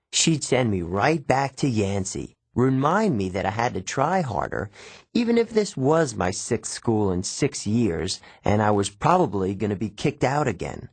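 A man narrating a first-person novel with expressive, wry storytelling, recorded close on a studio mic. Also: lowish voice, breathy edge, dry recording. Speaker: audiobook narrator.

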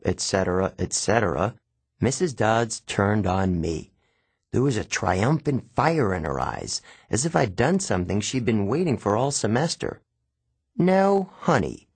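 A man narrating a first-person novel with expressive, wry storytelling, recorded close on a studio mic. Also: fairly low pitch, slightly rough, dry recording. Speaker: audiobook narrator.

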